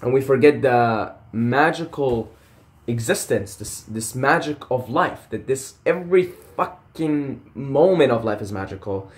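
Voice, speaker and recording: A man's voice: medium pitch, lively intonation, unhurried. A young man talking casually to camera in a passionate, rambling rant full of swearing and tangents. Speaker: vlogger.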